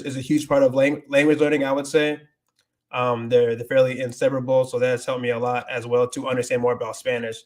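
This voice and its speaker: A man hosting a casual livestream, rambling with many restarts, switching between English and Spanish and reading viewer comments aloud. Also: medium pitch. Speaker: livestream host.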